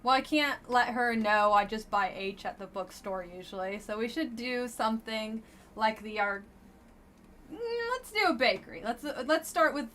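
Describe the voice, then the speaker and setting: A woman's voice: fairly high pitch, moderate pace, a bit bright, slight background noise. A woman streamer casually commenting on a dating game she plays live, with a blunt, wry and chatty manner.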